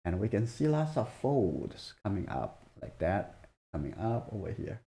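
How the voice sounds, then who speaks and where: Soft-spoken gravelly drawing teacher. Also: male voice, lowish voice, big pitch swings. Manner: soft-spoken, halting, murmurs while drawing. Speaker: drawing instructor. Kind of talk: live drawing demonstration.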